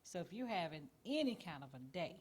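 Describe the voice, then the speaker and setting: A woman speaks as a radio interview guest. Her voice is very low. She talks in a chatty, reminiscing way and draws out words for emphasis. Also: big pitch swings, fairly quick, a little hiss or hum.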